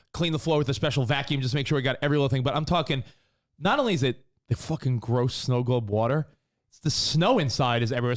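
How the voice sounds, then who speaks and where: A man in his thirties, co-hosting a casual podcast and telling stories in an animated way, swearing casually. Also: mid-range voice. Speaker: co-host.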